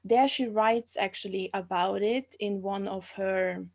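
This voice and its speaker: A woman in her twenties from Austria, an archaeology master's student, is a guest in a casual interview over a live stream. She speaks English with an Austrian German accent in a steady, medium-pitched voice at a measured pace, sounding hesitant and often restarting as she searches for words.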